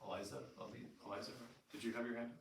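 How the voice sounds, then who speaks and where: A middle-aged man leading a staff training session, telling lively stories and acting out quotes. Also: fairly low pitch, rapid-fire. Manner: animated storyteller who acts out quotes with laughter. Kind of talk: in-service training talk. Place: training room with an audience. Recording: roomy echo from far off, faint noise.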